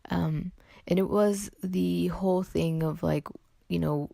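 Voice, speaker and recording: A woman's voice: lowish voice, steady tone, takes it slowly, vocal fry, warm tone, no room sound, studio quality. A young woman from California hosting a casual solo podcast, chatty and rambling, a little under the weather. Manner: rambling, chatty, self-interrupting with "like" and "anyway". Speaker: podcast host.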